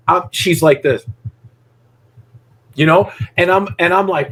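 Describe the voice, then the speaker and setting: A man's voice: sits high, animated, unhurried, pauses often, fairly bright tone, breathy edge. A middle-aged man working as a dog trainer, coaching a student bluntly with salty language and acting out his dogs in voices. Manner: blunt, profane, acts out dogs and people in voices. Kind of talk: live coaching session.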